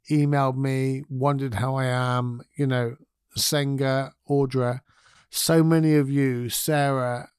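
A man hosting his own podcast, talking in a gentle, candid way and thinking aloud. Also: mid-range voice, clean tone, no echo, studio quality. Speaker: podcast host. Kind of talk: reflective solo podcast talk.

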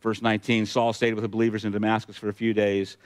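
A man's voice: on the low side, little pitch movement, quick pace, no echo. A male pastor preaching a sermon, retelling scripture with emphatic asides to the congregation.

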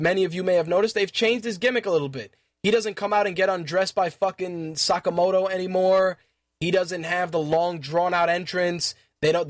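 Male podcast host, high-pitched, blunt profane rant, dry close sound. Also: a bit bright, no room sound. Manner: opinionated, repeats points for emphasis. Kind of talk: wrestling and MMA news podcast commentary.

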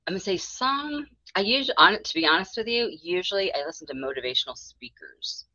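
A woman's voice: lowish voice, lively intonation, brisk, bright, forceful tone, no echo, dull audio. A woman in her thirties, a mental health therapist, talking candidly and rambling in an interview, laughing often and acting out her own thoughts.

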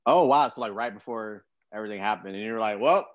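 A man's voice: on the low side, fast, no echo, muffled recording. Laid-back young man hosting, dry sound. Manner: laid-back, slangy, jokey. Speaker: podcast host. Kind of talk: casual interview chat.

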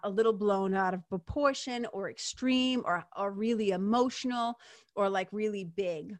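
A woman's voice: mid-range voice, a bit bright, dry recording, clean studio sound. A woman hosting a podcast as a spiritual teacher, talking earnestly and conversationally with many fillers and asides, and swearing now and then. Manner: frank, with occasional swearing. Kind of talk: reflective monologue.

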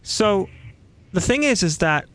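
A man hosting an interview in a casual, animated way, telling stories and acting out the voices of the people in them. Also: sits high, takes it slowly. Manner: animated storytelling, acts out quoted voices. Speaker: podcast host.

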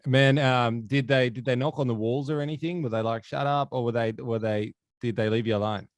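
A man's voice: medium pitch, fairly even intonation, brisk, no room sound. A man hosting a casual interview, joking and laughing often. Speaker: host.

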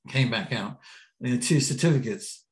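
A British man, a podcast guest, telling a lively anecdote and acting out the quotes. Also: medium pitch, a little fast. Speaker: podcast guest, BASE jumper. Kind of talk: storytelling in an interview. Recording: roomy echo.

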